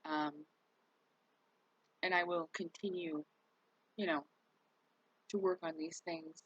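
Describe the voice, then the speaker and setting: A woman's voice: lowish voice, steady tone, takes it slowly, a bit bright, slightly rough, dry recording, lo-fi sound. A worn-out woman talking candidly to her viewers in a rambling, casual vlog, cursing now and then. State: worn out, recovering. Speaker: vlogger.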